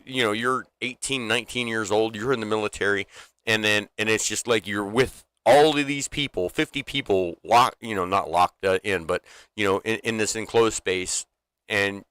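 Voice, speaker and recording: Rambling man with a bright, crisp voice. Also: fairly low pitch, no echo. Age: adult, former military. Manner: rambling, many restarts and fillers, swears freely. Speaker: livestream co-host. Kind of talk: casual unfiltered chat.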